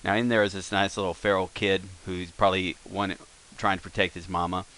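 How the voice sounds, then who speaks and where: A man's voice: deep voice, little pitch movement, a little fast, fairly bright tone, poor audio. A man teaching a casual recorded lesson, explaining in a rambling way with many fillers and self-corrections.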